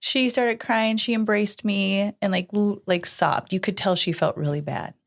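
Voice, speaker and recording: A woman's voice: mid-range voice, fairly even intonation, moderate pace, gravelly. A middle-aged woman co-hosting a podcast, telling a personal story earnestly in casual chat. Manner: earnest storytelling, acts out quoted dialogue. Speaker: podcast co-host.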